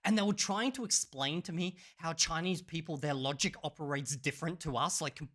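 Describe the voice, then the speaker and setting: A man telling a story in a casual vlog, animated and profane, often breaking into laughter. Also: a little high, brisk. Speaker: channel host.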